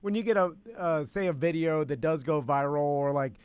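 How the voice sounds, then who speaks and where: A man hosting a casual talk show, asking long, halting questions full of fillers. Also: a little high, a little mellow, clear, resonant tone. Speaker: podcast host. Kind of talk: casual interview chat.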